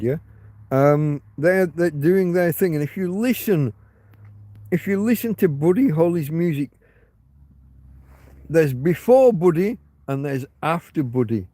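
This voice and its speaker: English male streamer, slow and mellow, rambling, hiccuping, dry close sound. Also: a little high, no echo. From England. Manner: rambling, swearing, trailing off with ums. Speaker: livestream host. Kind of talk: casual livestream chat. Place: home.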